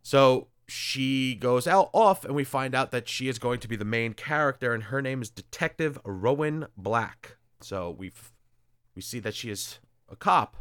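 A man talking casually as a host, recapping with sarcasm and crude jokes. His voice sits at an ordinary pitch. The recording is dry and close, with no room sound. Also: clean tone, dry recording. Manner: animated, sarcastic retelling with crude asides. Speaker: podcast host reviewing comics. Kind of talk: casual chat.

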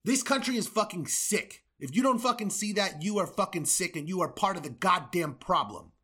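Heated, high-voiced American man ranting. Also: lively intonation, moderate pace, pushed and bright, slightly rough. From United States. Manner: heated, profane, sarcastic asides. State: angry. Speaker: podcast host. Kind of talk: angry political rant.

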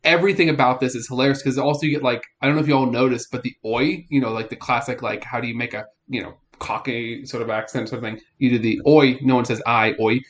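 A man's voice: mid-range voice, steady tone, fast talker, few pauses, fairly bright tone. A man co-hosting a casual podcast discussion, hesitant and full of fillers, with an amused edge. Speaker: podcast co-host.

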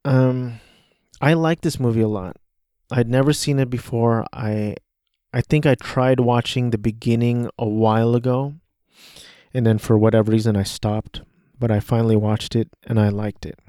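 A man's voice: mid-range voice, steady tone, moderate pace, mellow, smooth, dry recording, studio quality. A man hosting a casual solo podcast, talking through a movie he watched, rambling and hesitant with many restarts. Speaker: podcast host.

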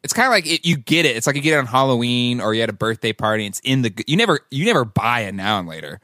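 A man co-hosting a casual chat, animated and laughing, full of filler words. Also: medium pitch, rapid-fire, no room sound, clean studio sound.

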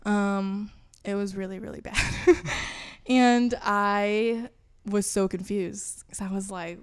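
A woman's voice: mid-range voice, steady tone, takes it slowly, smooth. Casting note: woman guest, candid and chatty, shares a personal faith story on a podcast. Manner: candid, laughing, frequent fillers. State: voice cutting out. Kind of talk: personal testimony interview.

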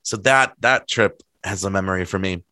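A man's voice: low voice, normal speed, bright, forceful tone, no echo. A man telling stories in casual chat, rambling and packed with filler words. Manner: laughs while telling stories.

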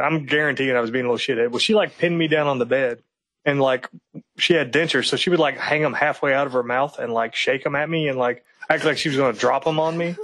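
A man's voice: medium pitch, fairly bright tone, no room sound, low-quality recording. A man from eastern Kentucky, co-hosting a podcast, telling rambling, profanity-filled stories in casual chat. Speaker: podcast co-host.

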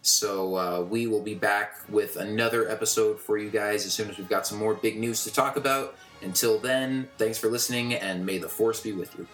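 A man's voice: on the low side, moderate pace, hardly any pauses, a bit bright, faint music behind. A man co-hosting a podcast in casual chat, rambling with many fillers and restarts. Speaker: podcast co-host. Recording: roomy echo.

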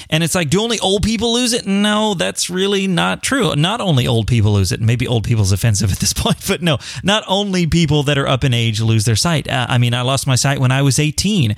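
A man's voice: mid-range voice, no echo, studio quality. A young man talking casually about living with sight loss, often acting out the questions people ask him. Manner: animated, acts out quoted voices, chuckles often. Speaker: blind advocate speaking on sight loss. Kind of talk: casual solo talk to camera.

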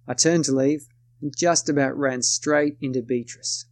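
Gravelly man telling a story. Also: medium pitch, fairly even intonation, moderate pace, dry recording. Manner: casual, self-correcting, wry. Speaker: narrator. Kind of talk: first-person storytelling podcast.

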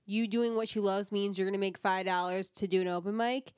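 A woman's voice: medium pitch, steady tone, fairly quick, clear, resonant tone, no echo, clean studio sound. A woman with a Michigan accent co-hosting a podcast, making earnest points in casual chat and swearing freely. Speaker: podcast co-host.

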